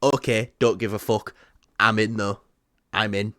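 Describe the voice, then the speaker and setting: A man co-hosting a movie news podcast in casual chat, excitable, swearing freely and laughing often. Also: lowish voice, measured pace, no room sound, clean studio sound.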